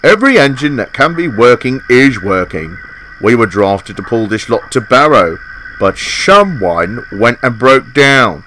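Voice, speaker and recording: A man's voice: medium pitch, sing-song, a little slow, bright, forceful tone, a little hiss or hum. A man voicing Pug, a small, upbeat male tank engine with a soothing, reassuring manner. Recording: festive music with jingle bells behind.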